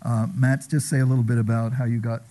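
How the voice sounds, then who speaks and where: A man's voice: medium pitch, little pitch movement, fast talker, mellow. Genial male panel moderator.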